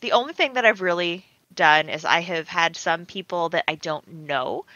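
A woman co-hosting a podcast, chatting casually with a very lively, swooping delivery. Her voice is bright and sharp, close and dry on the mic. The recording itself sounds a bit dull and lo-fi. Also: mid-range voice, no echo. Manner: animated storytelling, acts out quoted voices. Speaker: podcast producer and co-host.

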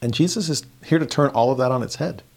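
A man teaching a verse-by-verse scripture lesson in a conversational way, chuckling often and rising in pitch for emphasis. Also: fast talker, creaky, a little mellow.

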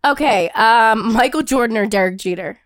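A woman's voice: a little high, normal speed, no echo, studio quality. A young woman co-hosting a casual chat, chatty and giggly. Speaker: podcast co-host.

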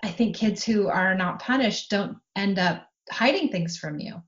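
A middle-aged woman in relaxed podcast talk, speaking in a calm, steady, explanatory way at a middle pitch. The sound is slightly dull and lo-fi. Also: unhurried. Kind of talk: casual podcast conversation.

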